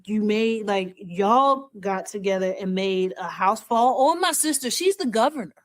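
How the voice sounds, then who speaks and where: A woman co-hosting a casual entertainment podcast, talking in an animated, emotional way. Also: mid-range voice, unhurried, no room sound. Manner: animated, emotional, acts out quotes. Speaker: podcast co-host. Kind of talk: casual chat.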